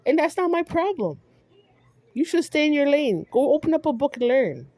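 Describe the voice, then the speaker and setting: A woman's voice: high voice, sing-song, normal speed, mellow, dry recording, studio quality. A woman vlogger delivering a heated monologue, scolding someone directly and repeating herself for emphasis.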